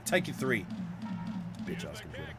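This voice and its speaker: A man streaming a football video game live, chatting with viewers and swearing and shouting at plays. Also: sits low, big pitch swings, normal speed, over loud music. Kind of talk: live gameplay commentary.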